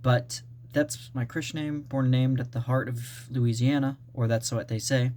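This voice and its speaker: A man's voice: mid-range voice, steady tone, normal speed, a little mellow, slight background noise, close to an everyday voice. A man reading aloud from his own draft as an aloof, uneducated Southern man of about thirty, in a plain first-person voice. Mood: offhand.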